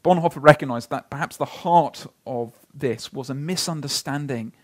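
A pastor preaching a sermon, telling stories earnestly and slowing down to read scripture. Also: male voice, medium pitch.

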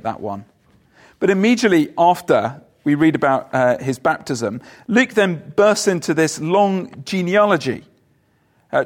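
A man preaching a sermon in a conversational way, asking his listeners questions and pausing on fillers. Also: on the high side.

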